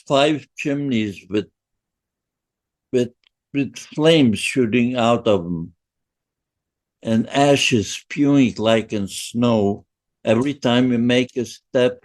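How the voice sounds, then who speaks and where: Very slow-spoken man in his nineties. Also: medium pitch, a little mellow. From Poland. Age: 90s. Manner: slow, halting, emotional, with restarts. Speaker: podcast guest, Holocaust survivor. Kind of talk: first-person testimony storytelling.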